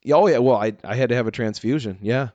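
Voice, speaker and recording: A man telling a wild story in casual chat, animated, laughing often and saying "dude" and "like". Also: mid-range voice, fast, dry recording, highs cut off.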